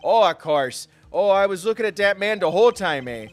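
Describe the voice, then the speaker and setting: A man's voice: sits high, lively intonation, a little fast, soft background music, voice pushed up. A man voicing a snooty Canadian-accented man, exaggerated and tagging lines with "eh", while reading game dialogue aloud. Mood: indignant. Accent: put-on Canadian. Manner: exaggerated "eh"-tagged delivery.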